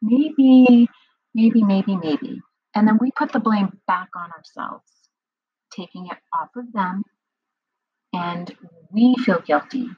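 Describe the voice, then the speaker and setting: A middle-aged woman speaking earnestly about her own experience in a personal monologue, often pausing on "um". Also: mid-range voice, breathy edge, no room sound. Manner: earnest, explanatory, many filler ums. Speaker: survivor sharing personal experience. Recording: dull lo-fi recording.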